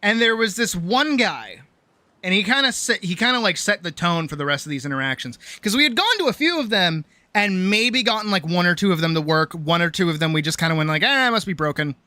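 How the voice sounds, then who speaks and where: A young adult woman streamer telling a story in a casual, animated rant, swearing often and full of fillers. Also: on the low side, a little fast, no room sound.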